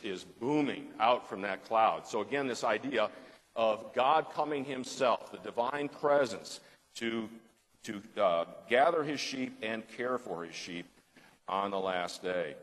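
Man teaching scripture in a reverberant hall. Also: mid-range voice. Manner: conversational, stumbling restarts, emphatic stresses. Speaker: Bible study teacher. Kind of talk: Bible study lesson with scripture reading.

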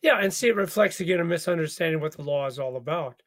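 A man hosting a conversational radio Bible study, animated, laughing often and repeating words as he thinks. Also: on the high side, fast talker.

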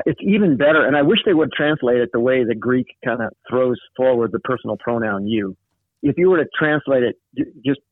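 A man's voice: mid-range voice, gravelly, dry recording. A man in a casual Bible study discussion, explaining a passage thoughtfully with frequent fillers. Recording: tinny phone-like line.

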